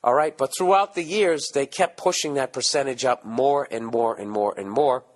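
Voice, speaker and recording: A hoarse man with a Boston accent delivers a loose, profane podcast rant, jabbing with mocking asides. He has a mid-range voice, and it sounds worn and scratchy from a night of yelling. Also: mid-range voice, moderate pace. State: hoarse from screaming. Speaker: podcast host. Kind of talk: casual ranting monologue.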